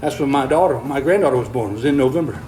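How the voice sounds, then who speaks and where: A man's voice: mid-range voice, expressive, very fast, a little mellow, a little hiss or hum, low-quality recording. An older man, chatting casually on a livestream, reading viewer comments while walking on a treadmill, folksy and easygoing, slightly out of breath. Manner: folksy, easygoing, chuckles often.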